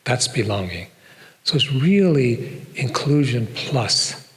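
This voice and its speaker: A man's voice: medium pitch, very animated, slow. An older man from Detroit giving a conversational public talk as a professor, with frequent fillers and asides. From Detroit, USA. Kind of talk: lecture to a live audience. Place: performing arts center stage. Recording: long hall reverb.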